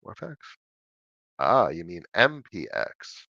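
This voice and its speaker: A man's voice: low-pitched, takes it slowly, vocal fry, dry recording, muffled recording. A middle-aged man hosting a casual livestream Q&A at his home desk, chatty and answering viewers' questions. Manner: animated, chatty, answers questions by reading them aloud.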